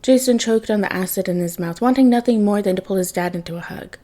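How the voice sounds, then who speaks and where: A woman's voice: medium pitch, quick pace, dark tone. A woman reading fan fiction aloud, narrating with emotion. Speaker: podfic reader.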